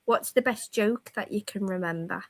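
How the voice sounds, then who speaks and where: A woman on a live-stream panel, sharp-tongued and profane in a heated argument. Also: mid-range voice, moderate pace. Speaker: panel guest.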